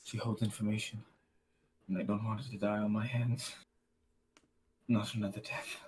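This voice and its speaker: A man's voice: lowish voice, flat delivery, normal speed, a little mellow, slight background noise, lightly acted. A man voicing a desperate male adventurer, calling for help and pleading urgently.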